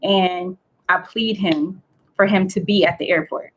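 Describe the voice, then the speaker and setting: A woman, a guest, telling a story in a casual, excitable, chatty way with lots of fillers. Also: lowish voice, a little slow, dull audio. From United States.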